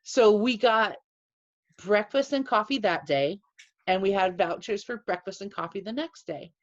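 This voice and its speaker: A woman co-hosting a podcast over a video call, chatting in an expressive, animated way. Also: medium pitch, normal speed. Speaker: podcast co-host. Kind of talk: casual chat. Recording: dull lo-fi sound.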